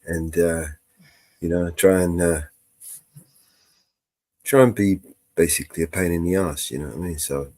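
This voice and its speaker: A man's voice: deep voice, moderate pace, long pauses, a little mellow, no room sound. A man co-hosting a live panel stream, blunt and rambling, swearing freely with lots of fillers. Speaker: livestream co-host. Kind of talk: casual live panel chat.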